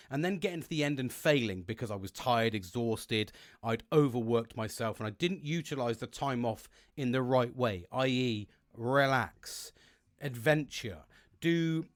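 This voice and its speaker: Man, fairly high voice, lively swings in pitch, rambling monologue full of swearing. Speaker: self-help vlogger. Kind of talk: casual monologue to camera. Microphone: plug-in mic.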